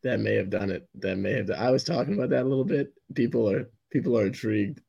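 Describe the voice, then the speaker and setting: A hoarse young man co-hosting a casual sports podcast, rambling and laughing often. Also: medium pitch, fast talker, highs cut off. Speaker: podcast co-host.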